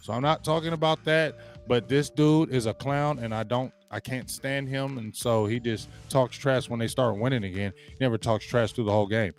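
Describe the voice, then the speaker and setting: A man's voice: medium pitch, steady tone, normal speed, hardly any pauses. Trash-talking man hosting a sports stream. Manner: trash-talking, loud and emphatic, greets chatters. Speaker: sports show host. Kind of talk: live-stream sports talk and rant.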